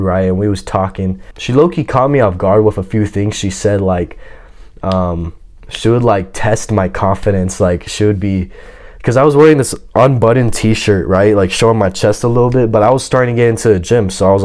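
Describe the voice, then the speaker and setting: A man's voice: on the low side, darkish tone. A man casually telling a personal story in a boastful, slangy, confident way.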